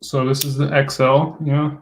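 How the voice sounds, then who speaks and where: A man chatting casually as co-host on a livestream. His pitch barely moves, so his delivery stays flat and steady. He keeps things relaxed and conversational. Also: measured pace, poor audio. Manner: relaxed, even-toned, chatty.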